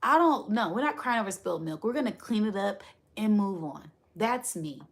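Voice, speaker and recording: A woman's voice: medium pitch, expressive, normal speed. A woman hosting a spiritual livestream, talking casually and animatedly, laughing often and asking right after her points.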